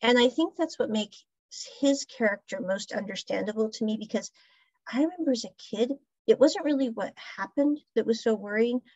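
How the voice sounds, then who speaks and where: A woman's voice: fairly high pitch, moderate pace, a little mellow, no echo, highs cut off. A woman hosting a podcast, casually recapping a drama in a chatty storytelling way with asides. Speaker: podcast host reviewing a drama series. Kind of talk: casual review monologue.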